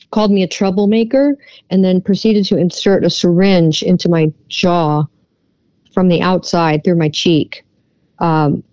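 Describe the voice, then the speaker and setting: A woman who is a guest on an interview podcast, earnestly retelling a personal experience and often pausing on fillers. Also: on the low side, dark tone, no room sound.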